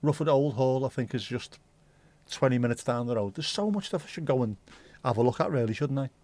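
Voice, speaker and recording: A man hosting a casual livestream chat, rambling and ranting with plenty of swearing and answering viewers' comments out loud. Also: mid-range voice, a little fast. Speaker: livestream host. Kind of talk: casual chat with a live audience.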